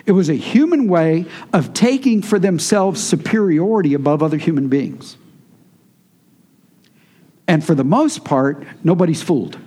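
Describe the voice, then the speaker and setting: A man's voice: fairly high pitch, lively intonation, moderate pace, mellow, slightly rough. A man preaching a sermon, teaching in a conversational way and answering his congregation. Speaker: pastor.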